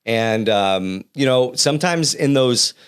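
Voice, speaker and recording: A middle-aged man with a Boston accent co-hosts a podcast. He talks in a laid-back, meandering way at an ordinary middle pitch. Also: expressive, slow pace, smooth. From Boston area. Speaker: podcast co-host. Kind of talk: casual chat.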